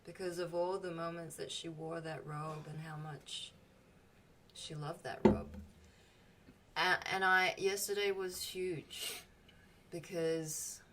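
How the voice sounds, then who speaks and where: A woman's voice: fairly low pitch, a bit bright, far from the mic, a little hiss or hum. A woman in casual spiritual group chat, telling emotional stories animatedly and swearing freely.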